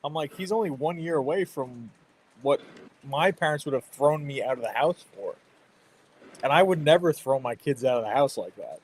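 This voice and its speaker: A man's voice: mid-range voice, animated, normal speed, slight background noise, rough recording. A man in his thirties hosting a stream, chatting casually about parenting and laughing often. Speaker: livestream host. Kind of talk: casual chat.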